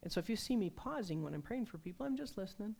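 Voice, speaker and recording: A woman preaching a sermon, telling personal stories in a conversational, animated way. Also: mid-range voice, very fast, vocal fry. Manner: conversational, animated storytelling with laughs.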